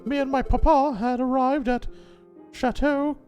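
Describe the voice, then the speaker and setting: Brief: man putting on a squeaky, sing-song young cat heiress, childlike and sweet, pitch way up. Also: steady tone, unhurried, a little mellow, clean tone, soft background music. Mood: chatty. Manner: high cutesy girlish voice, sing-song. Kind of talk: voicing game characters.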